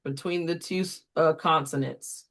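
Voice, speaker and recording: A reading instructor talks tutors through a phonics exercise at an unhurried pace, pausing over each syllable. The delivery is deliberate and instructional, with the voice pitched in an ordinary middle range. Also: steady tone, a bit bright. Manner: deliberate, sounds words out syllable by syllable.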